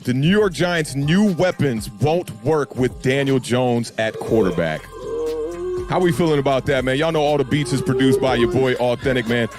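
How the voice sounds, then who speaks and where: A man with a deep voice hosting a casual sports talk show, laid-back and slangy, addressing listeners directly. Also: animated, normal speed, music in the background. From United States. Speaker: podcast host.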